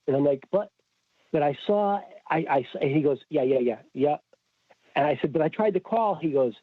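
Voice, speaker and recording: A man's voice: on the high side, normal speed, dry recording. A man guest telling a story in casual chat, acting out quoted dialogue. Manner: animated, acts out quoted dialogue. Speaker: podcast guest. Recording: tinny phone-like remote call.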